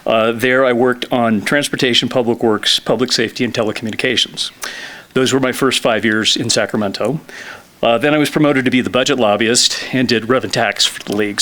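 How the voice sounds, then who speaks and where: A man in his fifties, a lobbyist giving a presentation to a town council, a little out of breath, often clearing his throat and pausing with fillers. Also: medium pitch, a bit bright. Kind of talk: formal presentation. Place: council chamber.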